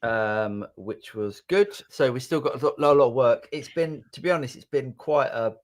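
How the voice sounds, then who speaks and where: A man's voice: medium pitch, normal speed. A British man co-hosting a live chat show, chatty and rambling, with restarts. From Britain. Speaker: co-host. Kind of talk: casual live-stream chat.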